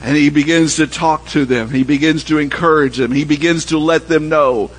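A man preaching a sermon, telling a story and dropping low and soft when he quotes the people in it. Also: fairly even intonation, moderate pace, poor audio. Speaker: pastor.

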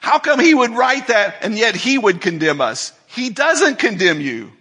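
Male preacher, husky and bright, dynamic sermon delivery with big swings in volume. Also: high voice, very animated, measured pace. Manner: dynamic preacher, swinging from soft asides to loud emphatic declarations. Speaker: pastor.

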